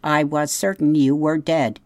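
A woman voicing a calm, literal female robot that speaks in a plain, flat way. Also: deep voice, measured pace, no room sound, clean studio sound.

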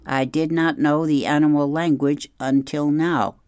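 A storyteller voicing a calm female robot who speaks in measured, literal statements in a children's storybook read-aloud. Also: medium pitch, clean tone, no room sound, clean studio sound, voice pushed up, natural voice.

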